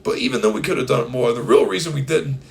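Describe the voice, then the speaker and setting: A hoarse young man co-hosting a podcast in casual, playful, rambling chat. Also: mid-range voice, lively intonation, fast. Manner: playful, rambling, breaks into silly bits. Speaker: podcast co-host.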